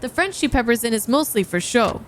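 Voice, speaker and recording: A courteous male secretary and bodyguard, read by a woman in a high, clear voice. He is formal and measured, with a faint hum underneath. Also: lively intonation, lightly acted. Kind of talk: reading game dialogue aloud.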